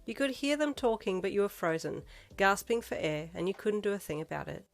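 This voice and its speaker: A woman reading fan fiction aloud in second-person narration, with steady, even storytelling. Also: mid-range voice, fairly quick, faint music behind. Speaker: reader.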